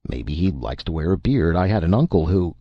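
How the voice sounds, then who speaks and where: Male reader plays easygoing shopkeeper, amused; husky, dry. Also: low-pitched, animated, brisk, dry recording, highs cut off. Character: easygoing small-town shopkeeper, a man.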